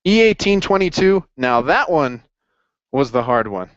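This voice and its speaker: A man's voice: mid-range voice, sing-song, a little slow, no room sound, highs cut off. A man running a casual accounting review session, upbeat and jokey as he encourages his students. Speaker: accounting tutor.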